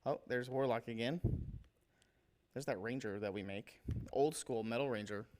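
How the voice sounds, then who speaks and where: A man's voice: mid-range voice, normal speed, darkish tone. Rambling casual man hosting a stream. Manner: rambling, enthusiastic, stumbles over names. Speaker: livestream host showing painted miniatures. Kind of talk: casual livestream chat.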